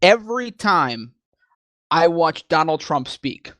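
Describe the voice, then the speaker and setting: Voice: mid-range voice, very animated, takes it slowly, a bit bright, no echo. A person reading a horror story aloud with sarcastic, profane commentary, stumbling over the clumsy text. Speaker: story reader and co-host.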